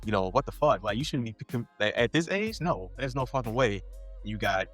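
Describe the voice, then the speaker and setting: A man's voice: mid-range voice, expressive, fairly quick, a bit bright, soft background music. A man co-hosting a casual podcast chat, venting bluntly about parenting and swearing freely. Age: adult father. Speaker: podcast co-host.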